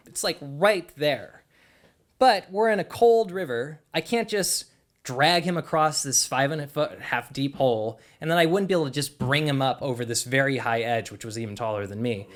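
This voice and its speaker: A young man telling a personal story live on stage, in an animated, conversational way with lots of "like". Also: fairly high pitch.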